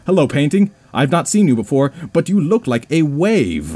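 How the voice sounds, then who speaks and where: A man's voice: on the high side, sing-song, moderate pace, hardly any pauses, dark tone. A man giving playful, mock-scared commentary over a horror video game playthrough, joking and talking to himself as he goes. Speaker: let's play gamer.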